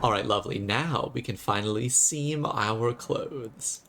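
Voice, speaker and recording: Dude streaming a game, chatty and sarcastic, jokes at the game, mid-pitched voice. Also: male voice, measured pace, creaky, a bit bright, a little hiss or hum. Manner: chatty and jokey, sarcastic asides. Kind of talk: live gameplay commentary.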